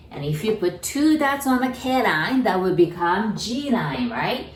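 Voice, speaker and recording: A woman teaching at a slow, unhurried pace, her pitch swinging widely as she sounds out each syllable. She often checks in with her learners. The mic sits some way off in an echoey room with a faint hum of ambience. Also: sing-song, far from the mic. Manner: patient, repeats syllables, checks in with "okay?" and "right?". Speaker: Japanese teacher. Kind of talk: slow explanatory lesson.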